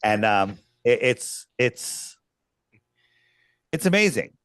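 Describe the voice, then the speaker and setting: A man's voice: mid-range voice, sing-song, slow pace, a bit bright, clean tone, no room sound. A man telling his story as a podcast guest, rambling with lots of fillers and restarts. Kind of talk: casual storytelling.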